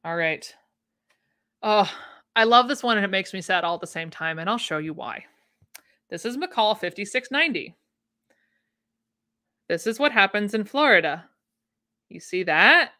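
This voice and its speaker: This woman's medium-pitched voice is expressive, bright, and forceful, set at a moderate pace with frequent pauses. She hosts a casual livestream about vintage sewing patterns from home, chatting with enthusiasm and responding to viewers.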